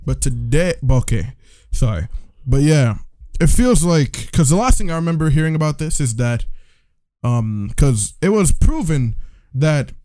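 Podcast guy rambling and joking around, lively up-and-down voice, dry close sound. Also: a little high, unhurried, no echo. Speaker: podcast co-host. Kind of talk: casual chat.

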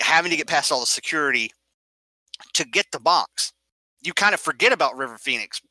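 This is a casual movie conversation in which a man with a fairly high voice animatedly recounts film scenes, acting them out and explaining the finer points. There's no room sound, but the audio quality is poor.

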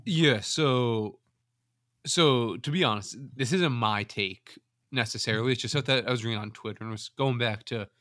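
A man co-hosting a sports podcast, telling stories in a lively way and acting out what people said. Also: mid-range voice, normal speed, dry recording. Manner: animated storyteller, acts out quotes. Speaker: podcast co-host. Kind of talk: casual storytelling chat.

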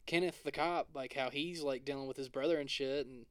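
A man's voice: mid-range voice, fairly even intonation, brisk, a bit bright, smooth, dry recording. A man co-hosting a podcast, talking through a movie in a loose, rambling way, full of fillers and swearing. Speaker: podcast co-host. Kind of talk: casual film discussion.

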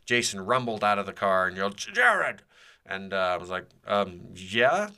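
A man's voice: low voice, fairly even intonation, quick pace, sharp tone, clean tone. A man hosting a podcast, telling a personal story in a casual, rambling way with many fillers and restarts. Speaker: podcast host.

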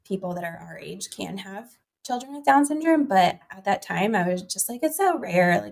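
A woman's voice: mid-range voice, animated, moderate pace, vocal fry. A young woman, a podcast guest, telling a personal story in a chatty way, with many fillers and quoted dialogue. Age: young adult. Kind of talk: conversational storytelling.

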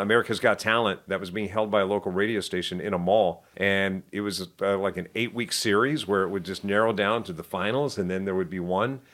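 A middle-aged man telling stories from his life as an interview guest, lively and self-deprecating with quick asides. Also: lowish voice. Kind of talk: casual storytelling interview.

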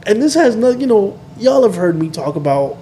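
A man's voice: high-pitched, big pitch swings, normal speed, dark tone, a little hiss or hum. A man in his thirties hosting a casual chat, talking earnestly and reflectively in loose restarts.

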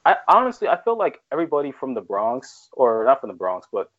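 A man's voice: medium pitch, wildly swooping pitch, a little fast, dry recording, lo-fi sound. A man from New York co-hosting a casual podcast in a playful, joking way. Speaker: podcast co-host.

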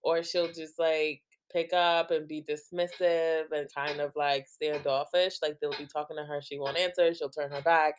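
A young woman from New Jersey talks through her podcast in a loose, rambling way, leaning on "like" and breaking into laughs. Her voice sits low for a woman. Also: level tone, normal speed, few pauses, slight background noise. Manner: rambling, heavy use of "like", laughs often. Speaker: podcast host. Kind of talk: casual chat.

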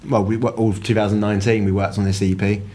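A man's voice: fairly low pitch, level tone, fast talker, darkish tone, a little hiss or hum. A man, a band member guesting on a radio show, talking cheerfully. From Essex, England. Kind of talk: casual radio interview.

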